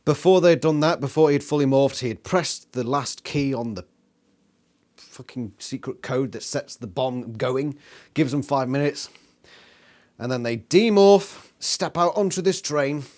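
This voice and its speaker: A man's voice: medium pitch, unhurried, darkish tone. A man reviewing a book in a casual vlog, sweary, sarcastic and exasperated.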